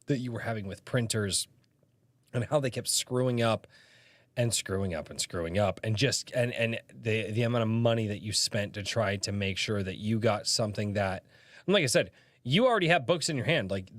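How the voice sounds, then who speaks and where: Lowish-voiced guy hosting a podcast, hyped up, swears a bunch, dry sound. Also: expressive, normal speed, fairly bright tone, no echo. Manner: enthusiastic, swears casually. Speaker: podcast host. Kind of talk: casual chat.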